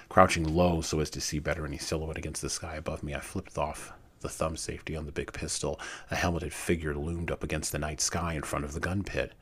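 A man reading a war memoir aloud in a measured way with dramatic pauses, then commenting on it. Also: extremely low pitch, little pitch movement, fairly bright tone, slightly rough. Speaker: reader and commentator.

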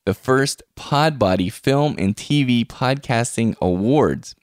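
A man's voice: medium pitch, expressive, takes it slowly, no room sound, studio quality. A man hosting a podcast in casual chat, chatty and laughing often. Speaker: podcast host. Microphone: podcast microphone.

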